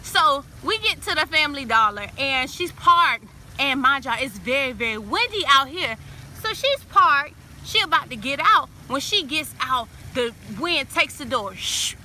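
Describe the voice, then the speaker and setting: A woman telling a story in a casual, animated way, acting out the lines of the people in it. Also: high voice, unhurried, slight background noise. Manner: animated, acts out friends' quoted lines.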